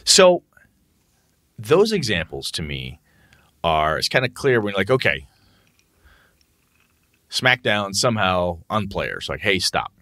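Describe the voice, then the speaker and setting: Animated, foul-mouthed male podcast host. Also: low-pitched, slow, long pauses, no echo, studio quality. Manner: animated, profane, acts out what he says to players. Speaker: podcast co-host and game master. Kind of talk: casual podcast chat.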